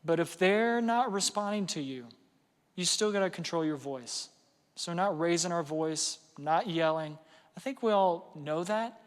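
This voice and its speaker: A middle-aged man giving a casual parenting seminar, conversational and self-deprecating, with lots of fillers and "right?" checks. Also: on the high side. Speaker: parenting workshop speaker. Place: large hall before an audience. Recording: long hall reverb.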